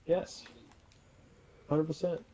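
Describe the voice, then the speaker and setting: A man's voice: slow, a crowd in the background, poor audio. A man chatting while playing a video game, impatiently telling his friend what to do next. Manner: impatient, bossy instructions. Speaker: gamer. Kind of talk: casual gaming chat.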